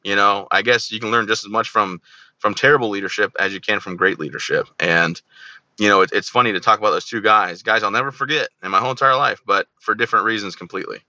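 A man's voice: fairly low pitch, fast talker, no echo, dull audio. A man in his thirties, an army veteran guest telling stories in a casual interview, joking and acting out the people he quotes. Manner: joking, animated storyteller who acts out quoted dialogue.

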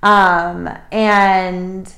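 A woman's voice: mid-range voice, level tone, extremely slow, bright, forceful tone. Chatty woman hosting a casual podcast. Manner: chatty and openly emotional. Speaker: podcast co-host and hiking trip leader. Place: Cusco, Peru.

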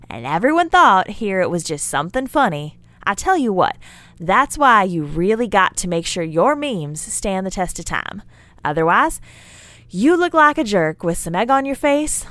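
A woman's voice: medium pitch, a bit bright, no echo. A woman playing a folksy, rambling meme lecturer. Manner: chatty and scolding, with folksy asides. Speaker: character in an audio drama monologue. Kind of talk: scripted character monologue.

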